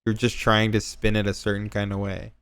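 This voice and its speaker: A man's voice: on the low side, completely flat delivery, a little fast, clean tone, no echo. A man co-hosting a reaction stream, chatting animatedly and sarcastically and laughing often. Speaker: stream co-host. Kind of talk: casual reaction-stream chat.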